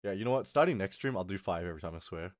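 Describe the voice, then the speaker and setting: A young man telling a story on his stream, swearing a lot and swinging between mutters and yells. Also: low voice, animated, racing, dry recording, studio quality. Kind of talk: casual storytelling rant on a live stream.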